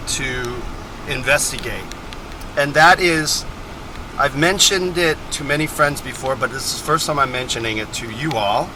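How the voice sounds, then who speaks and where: A man's voice: a little high, background noise. A man from Texas chatting in a casual, rambling travel vlog, drifting between topics and correcting himself as he goes, recorded on the road in a car. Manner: chatty, digressive, self-correcting. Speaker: vlogger.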